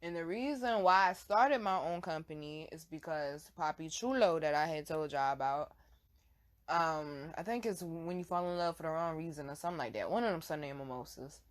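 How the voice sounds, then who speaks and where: A young adult woman telling a casual, animated story full of laughter and profane slang. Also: low-pitched, normal speed. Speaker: vlog host.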